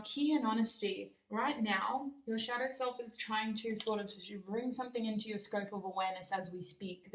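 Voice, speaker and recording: A woman's voice: mid-range voice, far from the mic. A woman giving a casual tarot reading, rambling and correcting herself as she goes. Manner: rambling and self-correcting, with soft laughs. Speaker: tarot reader. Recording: roomy echo, mic set back.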